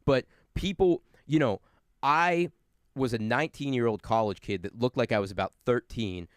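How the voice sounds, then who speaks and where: Man, forties, casual talk show guest, animated storyteller, smooth clear voice, dry close sound. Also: mid-range voice, normal speed, dry recording. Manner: animated storyteller, acts out angry customers. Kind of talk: casual chat.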